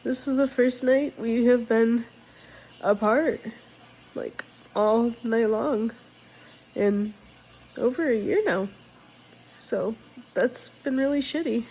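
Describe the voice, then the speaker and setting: A woman's voice: on the high side, slow, pauses often, a little mellow, a little hiss or hum, rough recording. A young woman vlogging casually about her life, candid and direct, emotional and sick with a cold. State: sick, congested. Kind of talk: casual personal vlog.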